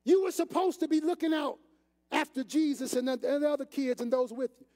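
An exasperated husband scolds his wife in a raised, accusing voice, as a preacher acts him out from the pulpit. The voice sits very high for a man and sounds mellow. It rings with a long echo through the church hall. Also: brisk. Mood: scolding.

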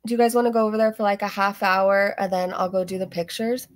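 A woman's voice: medium pitch, steady tone, fast talker, dry recording, studio quality. A young woman hosting a live stream, chatting casually in an offhand, rambling way. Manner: offhand, dismissive, rambling with fillers. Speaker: commentary streamer host.

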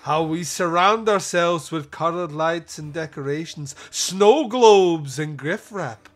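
A man's voice: a little high, slow pace. A man whispering as a grim fire-and-brimstone preacher. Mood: ominous. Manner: hushed, ominous whisper. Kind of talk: whispered role-play.

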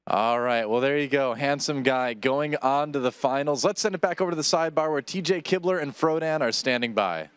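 Male interviewer, smooth and clear tone, relaxed upbeat questions. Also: medium pitch, fairly quick, hardly any pauses, no room sound. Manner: casual, upbeat. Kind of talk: post-match interview.

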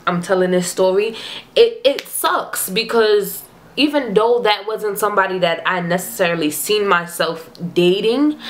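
Young woman, vlogger, casual storytime, animated, chatty, mid-pitched voice. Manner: animated, chatty, acts out text exchanges.

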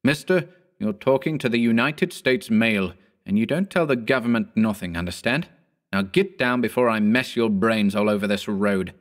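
A man voicing a blunt, stubborn rural mailman who drawls slowly. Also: on the low side, expressive, close to an everyday voice. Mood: threatening.

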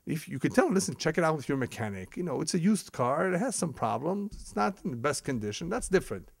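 Pitched a little high with vocal fry, a man teaches religious ethics as a rabbi in a studio-quality recording with no echo. He tells stories vividly, performs the lines of those he quotes, chuckles a lot, and sprinkles in Hebrew vocabulary.

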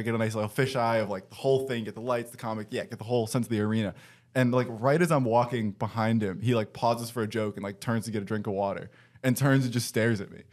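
A young man hosting a podcast from his basement, telling a story in a casual way, swearing and laughing often. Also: medium pitch. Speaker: podcast host. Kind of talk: casual chat. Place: home basement.

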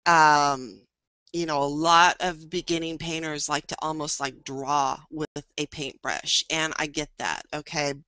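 A woman's voice: deep voice, fairly even intonation, a little slow, bright, forceful tone, smooth, no room sound. Chatty woman teaching a painting class. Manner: chatty, thinking aloud. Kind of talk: live online painting demo.

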